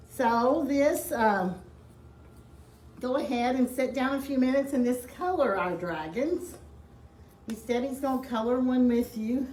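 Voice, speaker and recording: A woman, a children's librarian, gently explaining a craft activity to children. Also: fairly high pitch, echoey room, a little hiss or hum. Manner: gentle, unhurried instructions.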